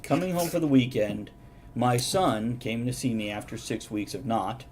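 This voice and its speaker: A man's voice: medium pitch, moderate pace, background noise. A man hosting a live-streamed chat show, telling stories with dry sarcasm. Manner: sarcastic, mock-documentary storytelling. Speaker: host.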